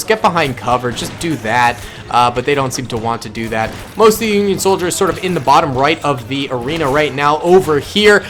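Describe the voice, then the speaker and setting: A man talks through a battle simulation in casual gameplay commentary, thinking aloud and correcting himself as he goes. His voice sits fairly high for a man. He reacts quickly to what he sees. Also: a bit bright, a little hiss or hum. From suburban Massachusetts. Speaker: gaming channel host.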